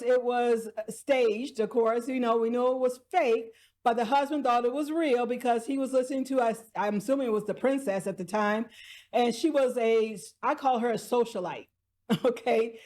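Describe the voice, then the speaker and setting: A woman's voice: sits high, a little mellow. A woman vlogger casually recapping TV dramas, chatty, laughing often and restarting her sentences.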